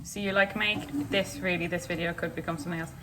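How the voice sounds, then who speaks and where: A woman's voice: on the low side, fairly even intonation, quick pace. A young woman hosting a casual, jokey vlog chat while cooking in her kitchen. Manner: chatty, jokey, rambling. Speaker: vlogger host. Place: home kitchen. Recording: distant camera mic with noise.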